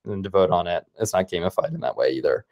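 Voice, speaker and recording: A man's voice: low-pitched, animated, dull audio. A man, a startup founder, explaining his ideas in casual conversation on a video call, enthusiastic and full of "like" fillers. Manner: fast, filler-heavy, enthusiastic with frequent "like". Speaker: startup founder, guest speaker.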